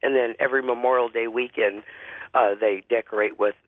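A man with a deep voice and a cold, calling in to tell a spooky story, halting with lots of fillers. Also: steady tone, dry recording. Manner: halting, many fillers and restarts. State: has a cold. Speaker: caller. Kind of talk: phone-in ghost story. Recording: phone line.

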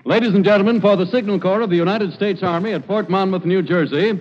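A man announcing a 1940s radio comedy show in a smooth formal manner, then playing straight man to the star's jokes at a live show on an army post. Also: sits high, fast. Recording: muffled old radio broadcast.

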